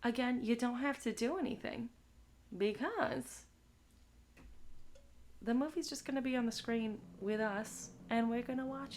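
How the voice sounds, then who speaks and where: A woman's voice: on the high side, a little slow, long pauses, darkish tone, slight background noise. A young woman hosting a live movie stream, chatting crudely and tagging her lines with "all right?". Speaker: livestream movie host. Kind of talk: casual chat to a live audience.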